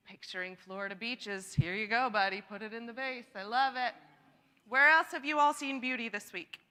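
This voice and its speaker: A woman's voice: fairly high pitch, unhurried, pushed and bright. A woman leading a church congregation in sharing time, chatty and encouraging, laughing often. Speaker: church worship leader. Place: church sanctuary. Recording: long reverb of a church hall.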